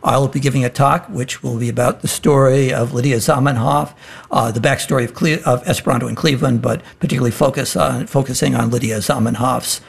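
A man's voice: medium pitch, steady tone, quick pace, creaky, slightly rough. A man guest in an interview announcing a talk, hesitant with frequent fillers.

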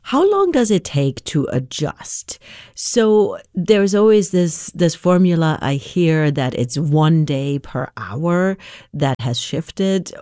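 A woman's voice: deep voice, very animated, slow, mellow, dry recording, studio quality. A woman from Germany hosting a podcast, narrating a script and asking curious, conversational questions. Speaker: podcast host.

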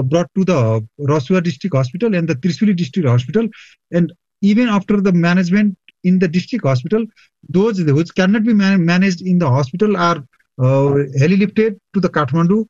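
Hospital chief from Nepal, halting phone interview, muffled dry sound. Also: male voice, high voice, a little mellow, no echo. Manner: halting, many fillers. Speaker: hospital medical superintendent. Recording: dull lo-fi line, dry.

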